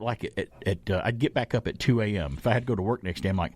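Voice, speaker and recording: A man's voice: lowish voice, racing, a little mellow, breathy edge, no room sound. A middle-aged man from Alabama hosting a casual talk radio show, telling stories and acting out quoted voices.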